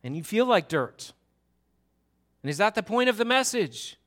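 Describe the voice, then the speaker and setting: A man's voice: high-pitched, very animated, moderate pace, a bit bright. A man preaching a sermon in an earnest, emphatic way, often restarting his words.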